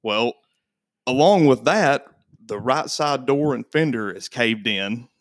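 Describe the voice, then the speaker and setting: A man in his thirties tells a story on a podcast, casual and animated, his pitch leaping when he acts out what others said. His voice sits mid-range and is recorded close and dry, with no room sound. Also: slow pace, dry recording. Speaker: podcast guest.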